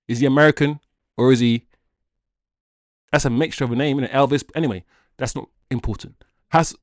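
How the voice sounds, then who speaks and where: A man hosting a football fan channel, reading transfer news aloud and riffing on it in a jokey, animated way. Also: medium pitch, dry recording, clean studio sound. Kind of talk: casual transfer-news commentary.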